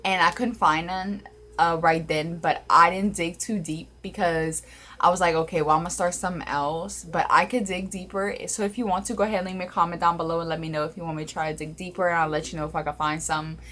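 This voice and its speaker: A woman's voice: fairly low pitch, steady tone, fast talker, sharp tone, slight background noise. A young woman telling a paranormal story in a casual vlog, rambling with many fillers, recorded on her phone. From Louisiana, USA. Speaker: paranormal vlogger. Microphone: phone camera.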